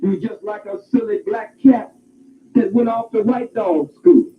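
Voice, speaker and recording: A man lecturing with fervor, telling a long animated fable and raising his voice to a shout now and then. His voice sits high, and the sound is squeezed and phone-like, as if from an old tape. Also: measured pace, a little hiss or hum. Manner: animated storytelling, occasional shouting. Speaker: speaker. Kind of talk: impassioned lecture. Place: campus hall. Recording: tinny phone-like archive recording.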